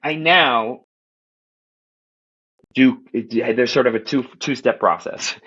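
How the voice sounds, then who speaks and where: A man from Queens, New York, telling stories as a podcast guest in animated, casual talk, swearing and acting out what people said. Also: mid-range voice, slow, breathy edge, lo-fi sound. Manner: animated, profane, acts out quoted voices. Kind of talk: casual storytelling chat.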